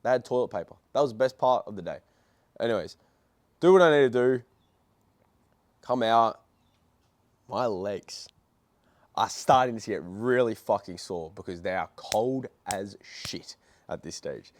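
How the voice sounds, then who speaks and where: A young man vlogging, telling a story in a casual, blunt, excitable way and swearing heavily. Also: fairly low pitch, a little slow, long pauses, no room sound.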